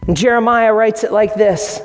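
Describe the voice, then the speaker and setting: A man's voice: high-pitched, fairly even intonation, normal speed. Man preaching in an echoing church hall. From United States. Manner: earnest preaching, acts out quotes in shifting voices. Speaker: pastor. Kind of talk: sermon.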